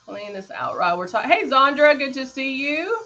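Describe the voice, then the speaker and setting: A woman's voice: sits high, very animated, fairly quick, pushed and bright, muffled recording. A woman casually demonstrating airbrush makeup on a livestream, greeting viewers by name while she works. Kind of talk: casual live makeup demo chatting with viewers.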